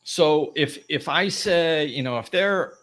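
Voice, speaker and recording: A man's voice: on the high side, slow, fairly bright tone. A middle-aged man hosting a live self-help talk, who laughs often and acts out both sides of arguments. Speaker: host.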